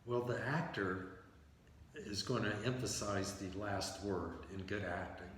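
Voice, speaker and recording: Low-voiced man in an echoey room. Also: a little slow, a bit bright, far from the mic. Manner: explains with acted-out example sentences. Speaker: novelist and playwright guest. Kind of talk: conversational interview. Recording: echoey room from afar, faint hiss.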